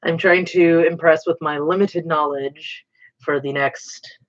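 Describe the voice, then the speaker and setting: This livestream host paints miniatures and chats casually in a low voice with fairly even intonation and a measured pace. Her talk rambles, pokes fun at herself, and drops into murmured asides, all heard through dull lo-fi stream audio.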